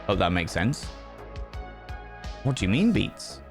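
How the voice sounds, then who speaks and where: A man with a fairly low voice hosts a livestream and reads out viewer messages. He talks in a playful, effusive way and swears now and then, with sudden jumps in pitch. Faint music plays behind him. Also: very animated, unhurried. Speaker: livestream host. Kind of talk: casual chat reading viewer messages.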